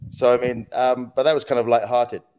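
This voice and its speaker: Man telling animated anecdotes. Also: medium pitch, brisk, clear, resonant tone. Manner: animated anecdotes, acts out quotes and sound effects, laughs often. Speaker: podcast guest, former news agency head. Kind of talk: casual storytelling interview.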